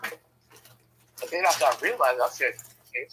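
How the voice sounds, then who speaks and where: A man's voice: medium pitch, a little slow, bright, forceful tone, a little hiss or hum, poor audio. A man casually telling stories about his family, swearing freely and acting out the voices of the people in them. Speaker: storyteller. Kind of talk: casual storytelling.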